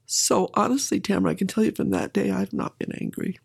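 A woman's voice: medium pitch, sing-song, fast, gravelly, few pauses, slightly rough. A middle-aged woman candidly telling a personal story in an interview, with emotion and occasional laughter.

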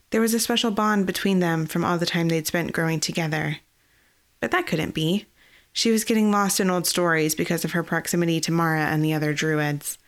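A woman narrating a fantasy novel in a steady, even storytelling voice. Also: fairly low pitch. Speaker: audiobook narrator.

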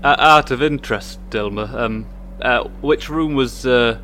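A man's voice: mid-range voice, a little slow, bright, forceful tone, soft background music. A man playing a tabletop game casually, hesitant and giggly, with many restarts. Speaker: player.

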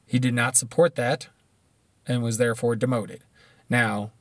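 A man's voice: mid-range voice, little pitch movement, measured pace, pauses often, dry recording. A man giving blunt, profane, rambling commentary, often restarting his sentences.

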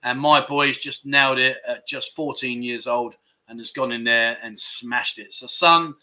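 A man's voice: medium pitch, steady tone, measured pace, sharp tone. A middle-aged man hosting a casual livestream, chatting loosely, laughing often and reading out viewer comments. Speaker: livestream host.

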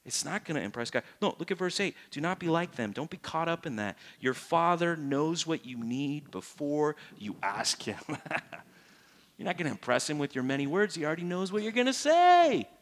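A man preaching a sermon as a pastor, asking his congregation direct questions and jumping up in pitch and volume to make a point. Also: normal speed. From United States. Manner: animated, rises sharply for emphasis and mock-prayer voices.

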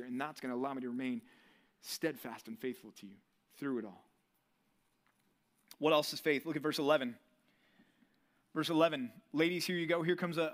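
A young adult man preaching a sermon as pastor, animated, with quick asides and acted-out quotes. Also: sits high.

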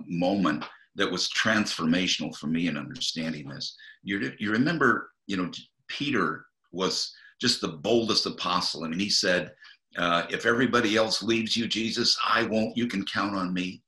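Low, bright-toned man in an echoey room. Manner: earnest, halting restarts, acts out quotes. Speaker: guest minister. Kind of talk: storytelling Bible teaching in interview.

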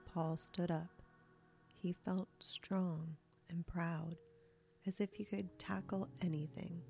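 Soft-spoken lady reading a sleep story super slow, warm gravelly voice. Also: fairly low pitch, level tone. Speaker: host and storyteller. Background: soft meditation music.

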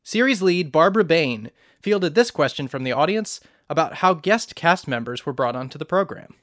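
A man hosting a podcast, reading scripted introductions smoothly. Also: on the high side, animated, moderate pace, fairly bright tone, no echo, clean studio sound. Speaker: podcast host. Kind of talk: scripted narration.

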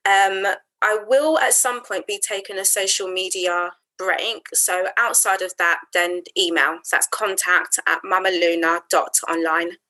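Bright-voiced chatty woman guest. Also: on the low side, fairly even intonation, a little slow, rough recording. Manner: chatty, uses many fillers and "like". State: emotional, tearful near the end. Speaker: guest, wellbeing business founder. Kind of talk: casual podcast interview.

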